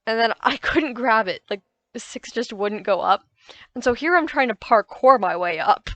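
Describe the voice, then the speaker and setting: A woman's voice: on the high side, animated, moderate pace, a bit bright, dry recording, highs cut off. A woman giving casual, rambling voice-over commentary on her own gameplay, often correcting herself as she recounts her frustrations. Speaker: gaming YouTuber.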